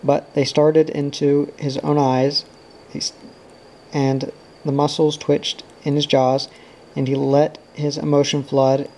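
A man reading a novel aloud as an audiobook narrator, in a steady and subdued way. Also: a little high, poor audio. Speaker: audiobook reader.

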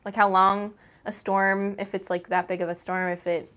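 A young woman co-hosts a relaxed live stream, chatting easily with the host. She rambles a little and loops back to restart her thoughts. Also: mid-range voice, normal speed. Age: young adult. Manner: easygoing, rambling, many fillers and restarts. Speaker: co-host and chat moderator. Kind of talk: casual chat. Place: home art studio, indoors.

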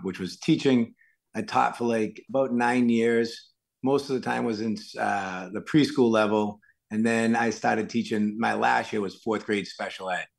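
Man from Massachusetts, gravelly voice, animated casual storyteller guesting on a podcast. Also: fairly low pitch. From Worcester, Massachusetts. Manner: animated, acts out dialogue in his stories. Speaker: podcast guest, actor and stuntman.

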